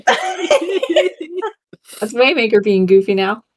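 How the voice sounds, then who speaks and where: A woman playing in a tabletop role-play session, easygoing and quick to laugh. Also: mid-range voice, animated, no echo. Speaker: player.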